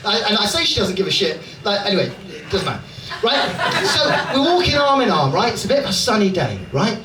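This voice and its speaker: A very animated, fast-talking comedian from Dorset, England, works the crowd during live stand-up at a London comedy club. He's chatty and profane with a high pitch, frequently adding "right?", and is recorded from a distance amid loud audience noise in the roomy venue.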